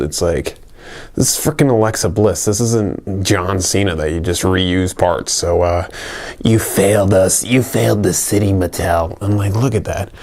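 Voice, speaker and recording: Low-voiced man rambling through a toy review. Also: vocal fry, a little mellow. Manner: rambling, joking, many fillers and restarts. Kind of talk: casual unscripted toy review.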